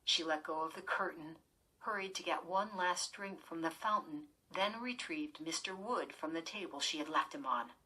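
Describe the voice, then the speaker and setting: A woman narrating a children's horror audiobook in an even, measured storytelling manner. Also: low voice, slightly rough, low-quality recording.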